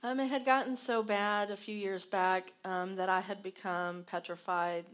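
A woman co-hosting, hesitantly sharing a personal story, with many pauses and restarts. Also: mid-range voice, fairly even intonation. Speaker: co-host, wife sharing her experience. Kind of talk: candid personal talk.

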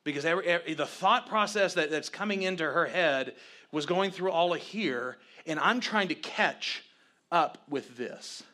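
Man co-host with a bright, lively voice, telling personal stories. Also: on the high side, moderate pace. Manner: animated, grows loud acting out past arguments. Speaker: co-host, husband telling the story. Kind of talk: candid storytelling chat.

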